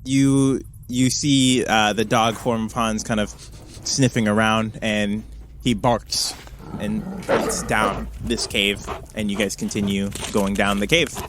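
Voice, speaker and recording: A man's voice: lowish voice, fairly even intonation, slow, noisy background. A man narrating as game master of a tabletop game, easygoing, with hesitant fillers and chuckles.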